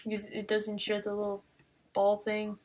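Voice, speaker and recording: A woman's voice: mid-range voice, monotone, moderate pace, a little mellow, slight background noise. A woman chatting casually while she draws, rambling playfully and talking to her dog between comments. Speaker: digital artist. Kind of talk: casual chat while drawing.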